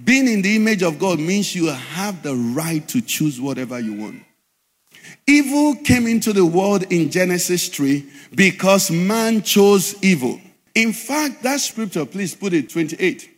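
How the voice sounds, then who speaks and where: A man's voice: high-pitched, very animated, unhurried, long reverb tail. A man preaching a sermon as pastor, asking the congregation questions as he teaches.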